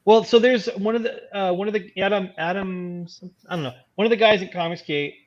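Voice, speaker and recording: Comic writer, male, slightly higher voice, halting and laid-back, dull lo-fi sound. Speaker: comic book writer, co-host. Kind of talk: casual chat.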